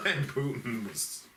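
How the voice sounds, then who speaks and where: A man hosting a comedic news recap in a very bright, sharp voice. He rambles in a slangy, profane way. His pitch sits at an ordinary male level. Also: slight background noise. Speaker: host.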